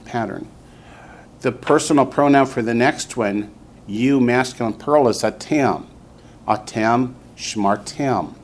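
A man's voice: mid-range voice, unhurried. A man teaching a classroom lesson, patiently drilling students and repeating each word for them to copy. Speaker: Hebrew teacher. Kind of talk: classroom instruction.

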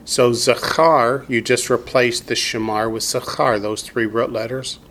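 A man at a mid-range pitch leads a classroom lesson. He speaks patiently and deliberately, stopping to quiz his students. His voice stays measured and steady. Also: slight background noise. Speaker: teacher.

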